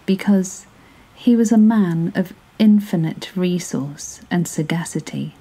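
A woman reads a bedtime story aloud, soft and unhurried, and often sinks into a whisper. Her voice is husky and dark with a fairly low pitch, and her pacing is very slow. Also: low-quality recording.

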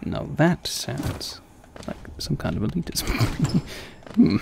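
Playful gravelly-voiced gaming streamer. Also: male voice, a little high, big pitch swings, takes it slowly, noisy background. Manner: playful, chatty, laughs often, talks to chat. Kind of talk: casual live-stream commentary.

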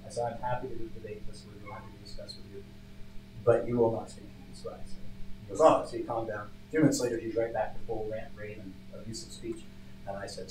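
A man's voice: on the low side, fast. A man leading a church Bible study, talking in a loose, conversational way and leaning hard on key words as he tells a story. He sounds some distance from the mic in an echoey room, with a faint hum underneath. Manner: conversational, storytelling, animated emphasis. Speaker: pastor.

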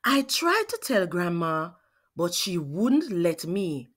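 Slow, expressive woman reading to kids. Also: on the low side, slightly rough. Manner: slow, expressive, asks questions of listeners. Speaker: children's read-aloud host. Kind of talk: reading a picture book to children.

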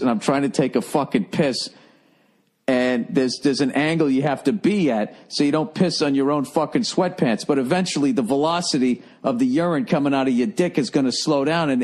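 A man's voice: medium pitch, darkish tone. A man hosting a podcast, telling a rambling story in a profane, wry, self-mocking way. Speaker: podcast host. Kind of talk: casual rambling monologue.

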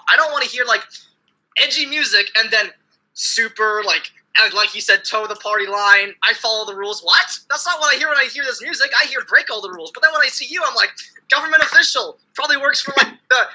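A man's voice: high-pitched, pushed and bright, husky, low-quality recording. A man on an online call, blunt and exasperated, criticizing a caller with profanity.

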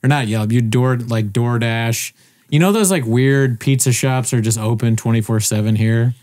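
A man's voice: medium pitch, normal speed, a little mellow. A young man co-hosting a podcast, chatting casually in a joking, laid-back way with plenty of swearing. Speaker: podcast co-host. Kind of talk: casual chat.

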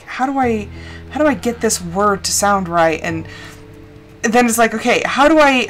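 Young woman, streamer, casual rambling chat, fillers, game music behind. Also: fairly high pitch. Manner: chatty, rambling, with many fillers. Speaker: streamer playing a farming game. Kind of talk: casual live-stream chat while gaming.

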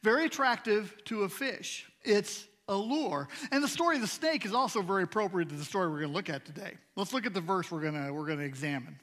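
A man in his sixties gives a storytelling sermon as a guest preacher, his fairly high voice carrying through a long church reverb. He talks in a folksy, jokey way and keeps asking the congregation to follow along. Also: fast, few pauses, a bit bright. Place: church sanctuary.

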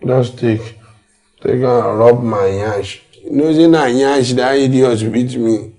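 A husky, lovesick house servant. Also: male voice, medium pitch, a little slow. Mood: tender. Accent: Nigerian Pidgin. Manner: loud trash-talking, then soft and tender. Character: lovesick, hot-tempered male house servant. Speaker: actor in a Nollywood film.

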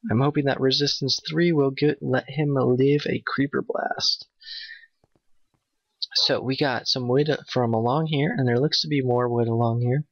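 A man giving nervous, excitable let's play commentary, talking to his in-game dog. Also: medium pitch, measured pace, dry recording. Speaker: gamer playing a Minecraft map. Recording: dull, dry home mic.

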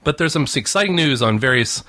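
A man's voice: mid-range voice, animated, fast, pushed and bright. Easygoing man co-host. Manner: dry, easygoing, reads stories aloud. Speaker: podcast co-host. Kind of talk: casual joking news chat.

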